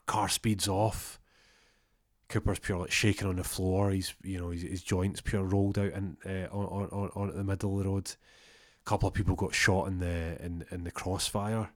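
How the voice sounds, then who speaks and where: A man's voice: low voice, flat delivery, normal speed, no room sound, studio quality. A man telling a comic story, rambling and sweary with stumbling restarts.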